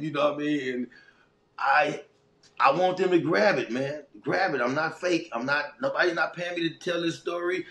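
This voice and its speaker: Here a middle-aged man speaks as an interview guest, sharing his life story in the local accent of his native Los Angeles. His delivery is casual, animated, streetwise and heartfelt, with a fairly high pitch and a brisk pace, captured in an echoey room.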